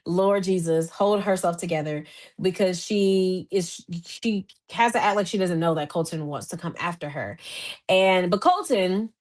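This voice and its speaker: Animated chatty woman podcast host. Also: unhurried. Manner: animated, chatty, frequent fillers and restarts; voice jumps higher when excited. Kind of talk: casual recap commentary.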